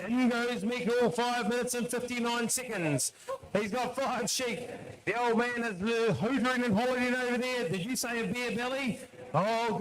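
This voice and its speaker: A man co-commentates on a shearing contest. He weighs up the leaders and quickly fixes his own slips. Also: sits high, a bit bright, low-quality recording. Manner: analytical, sizing up the leaders, corrects himself. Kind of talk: live sports commentary.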